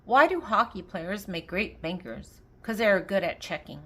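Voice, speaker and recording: A woman's voice: medium pitch, expressive, moderate pace, breathy edge. An older woman reading a children's joke book aloud, posing riddles and giving the answers, laughing along at the jokes. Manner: reads riddles then answers, laughing at her own jokes.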